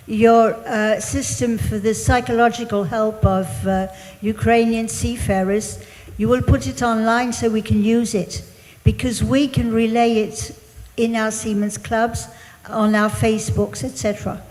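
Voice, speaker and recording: A woman's voice: fairly high pitch, steady tone, measured pace, a little mellow. A woman in the audience asking a modest, slightly hesitant question. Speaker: audience member. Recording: reverberant conference hall.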